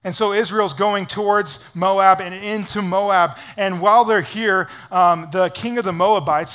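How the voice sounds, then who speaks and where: A man pastor preaching a sermon in an energetic, casual storytelling way, full of "like". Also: high voice.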